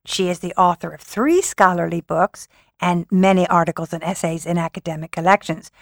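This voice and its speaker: A woman's voice: on the low side, fairly quick, gravelly, dry recording, clean studio sound. A woman hosting an interview, introducing her guest in a formal, admiring way. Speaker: interview host.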